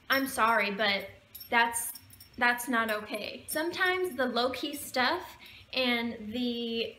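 A woman's voice: a little high, takes it slowly, pushed and bright. Earnest young woman vlogging in an echoey room. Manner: earnest, emotional, preachy. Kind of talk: heartfelt talk to camera. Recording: echoey room with faint background noise.

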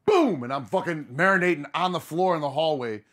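Podcast host, man, casual profane storyteller, slightly higher voice. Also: expressive, brisk, fairly bright tone.

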